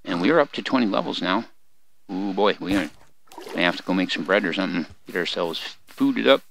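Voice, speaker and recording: Gravelly older man narrating gameplay. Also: low voice, animated, a little fast. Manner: rambling, folksy, chatting to his in-game animals. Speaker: let's play host. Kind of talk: casual gameplay commentary. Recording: noisy home recording with mouse clicks.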